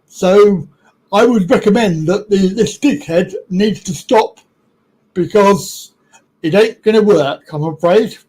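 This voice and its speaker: A man's voice: sits high, slow, warm tone, husky, rough recording. A British man hosting a live stream, talking casually and bluntly with lots of swearing.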